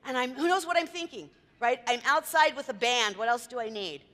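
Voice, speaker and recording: Bright high-voiced woman presenter. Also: a little fast. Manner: chatty, quizzes the audience, tells anecdotes. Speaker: event planner giving a talk. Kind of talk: lively presentation to a live audience. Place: meeting room with audience. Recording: reverberant hall.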